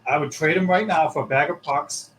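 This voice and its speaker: A man's voice: fairly high pitch, fairly quick, a bit bright, a little hiss or hum, poor audio. Grumpy ranting Boston man. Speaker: podcast co-host. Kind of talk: casual sports chat.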